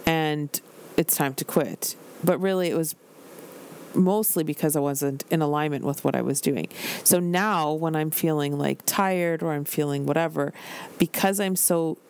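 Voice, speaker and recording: A woman's voice: sits low, unhurried, darkish tone, slight background noise. Candid, chatty woman in her forties. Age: 40s. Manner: candid, chatty, frequent "like" fillers and swearing. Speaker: podcast host and business coach. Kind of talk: casual solo podcast talk.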